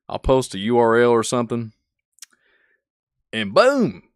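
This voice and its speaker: A man with a Kentucky accent, hosting his channel and chatting casually, rambling and chuckling often, turning soft and emotional. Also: mid-range voice, flat delivery, quick pace, clean tone, no echo, clean studio sound. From Kentucky, USA. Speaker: channel host. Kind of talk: casual thank-you vlog chat.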